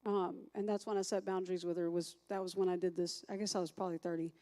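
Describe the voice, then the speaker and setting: A woman's voice: on the low side, flat delivery, fast talker, mellow. A woman teaching a recovery class as a sponsor, chatty, thinking aloud and asking the group questions.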